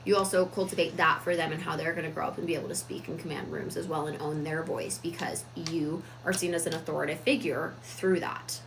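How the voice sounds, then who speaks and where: A woman giving a reflective, casual talk on personal growth, deliberate with frequent fillers. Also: low voice, steady tone, creaky, noisy background. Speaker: self-improvement vlogger.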